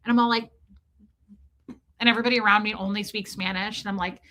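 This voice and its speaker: A woman hosting a livestream, telling a comic story in a casual, profane, animated way and calling out viewers in the chat by name. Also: mid-range voice, fast talker, pauses often. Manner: animated, profane, ranting, reads chat names aloud. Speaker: livestream host.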